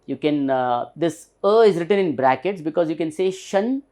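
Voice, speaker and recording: A man's voice: on the high side, expressive, moderate pace, a little mellow. A man with an Indian English accent teaching pronunciation, patiently spelling words letter by letter and repeating them for emphasis. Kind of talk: recorded pronunciation lesson.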